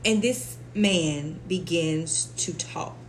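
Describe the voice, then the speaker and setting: A woman co-hosting a podcast who tells workplace stories in an animated way, swearing freely. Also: fairly low pitch, slow pace, low-quality recording. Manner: animated, profane storytelling. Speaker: podcast co-host. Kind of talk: casual chat. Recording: faint background noise.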